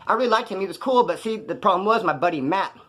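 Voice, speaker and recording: A man's voice: high-pitched, lively intonation, quick pace, a bit bright. A man casually telling prison stories to camera in a rambling, slangy way, acting out quoted dialogue.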